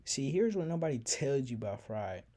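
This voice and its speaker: A man's voice: medium pitch, sing-song, normal speed, dark tone. A man telling a personal story in a casual, slangy, reflective way.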